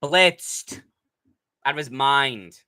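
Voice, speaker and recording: A young man hosting a live stream, reading chat aloud in a brash, profane, mocking way and breaking into shouts. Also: mid-range voice, drawn-out words, clean tone. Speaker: livestream host reading chat. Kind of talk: casual livestream chat.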